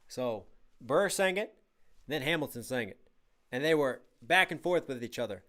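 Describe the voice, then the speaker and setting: A man reacting to music on a live stream, excitable and breaking down lyrics line by line in casual commentary. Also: mid-range voice, moderate pace. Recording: music playing in the background.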